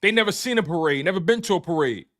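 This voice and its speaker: Man, high voice, sports show host, casual repetitive banter with viewers. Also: quick pace. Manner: animated, repetitive, playful trash talk to chat. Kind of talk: casual live-stream sports talk.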